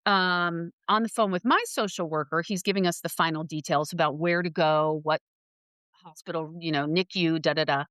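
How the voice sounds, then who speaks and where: A woman guest on a podcast, telling a personal story with lively acted-out quotes. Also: on the low side, moderate pace, clear, resonant tone, no room sound. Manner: animated storyteller who acts out quoted voices.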